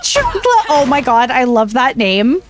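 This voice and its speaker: High, chatty young woman streamer. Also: lively intonation, normal speed, fairly bright tone. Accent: Southern Californian, trained down. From Southern California (San Diego). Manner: chatty and playfully dramatic, talking to chat. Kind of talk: casual live-stream chat.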